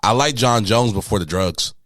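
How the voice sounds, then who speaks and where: A young man with a lowish voice talks loosely on a podcast, full of slang and casual swearing. The sound is dry and close, with no room around it. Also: normal speed, no echo. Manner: relaxed slangy banter, swearing freely. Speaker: podcast co-host. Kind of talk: casual chat.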